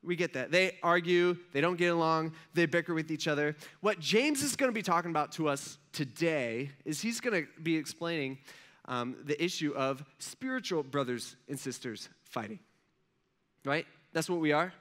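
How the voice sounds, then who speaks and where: A young man preaching to a congregation, telling a story in a lively, conversational way and asking the audience questions. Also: fairly high pitch, normal speed. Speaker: pastor. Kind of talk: storytelling sermon.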